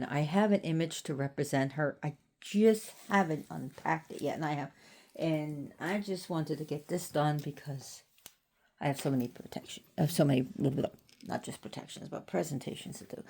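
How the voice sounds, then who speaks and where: A woman's voice: low voice, creaky, warm tone, breathy edge. A woman from Florida giving a casual, rambling spoken presentation on an occult topic, often circling back with "so anyways.". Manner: chatty and rambling, with frequent "so anyways".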